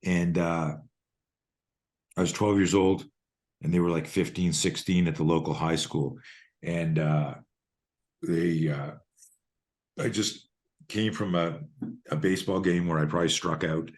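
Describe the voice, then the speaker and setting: A man in his sixties, a guest on a video call, telling a personal story in a lively way and swearing freely. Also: low-pitched, a little slow, long pauses. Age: 60s. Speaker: guest, self-defense expert.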